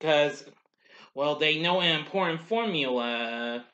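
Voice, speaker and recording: Male host for a casual cartoon review: a bit high-pitched, tense, bright tone, chuckly, loose and meandering delivery. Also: animated, slow pace, dull audio. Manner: rambling, heavy on "well" and "anyway" asides.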